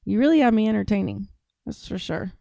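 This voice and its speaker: A brash woman from the United States hosts a casual reaction stream, reading chat and firing back with nonstop profanity. She sits at a middle pitch, and her voice is dry and close, with no room sound. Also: expressive, brisk, creaky, warm tone, no room sound. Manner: brash, profane and combative, often laughing.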